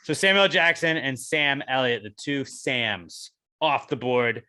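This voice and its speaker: Bright-voiced podcast guy egging friends on. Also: medium pitch, animated, a little slow, dry recording. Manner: laughing, egging others on, swearing. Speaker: podcast co-host. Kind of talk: casual chat.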